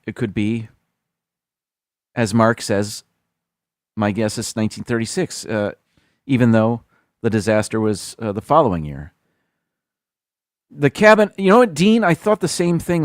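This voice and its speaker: A man hosts a casual live stream and talks at an unhurried pace. His pitch rises and falls a lot as he muses and reads out viewer comments. The sound is close and dry, with no room echo. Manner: thinks aloud, reads out viewer guesses.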